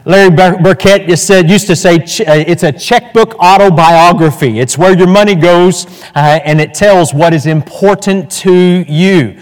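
A man's voice: sits high, steady tone, normal speed, hardly any pauses, darkish tone. A male pastor teaching an evening church lesson in a folksy, chatty way, full of fillers and restarts. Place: church hall. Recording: echoey hall.

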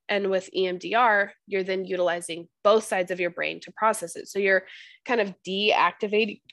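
A young woman hosts a podcast, chatting casually and telling stories in a chatty style with frequent restarts. Her voice is medium-pitched, with no echo.

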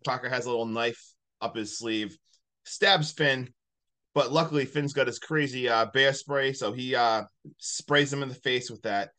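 Animated man recapping a movie. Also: mid-range voice, moderate pace. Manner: rambling, animated retelling with many likes. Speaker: podcast host.

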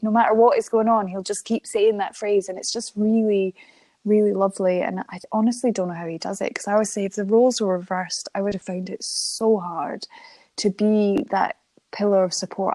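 A young woman, a guest in an interview, chatting warmly about her life and laughing often as she tells a story. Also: medium pitch, dry recording. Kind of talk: emotional interview conversation.

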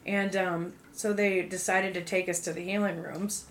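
Woman, young adult, casual storytelling, filler-heavy, animated quoting. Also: on the low side, normal speed, a little hiss or hum. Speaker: guest sharing testimony.

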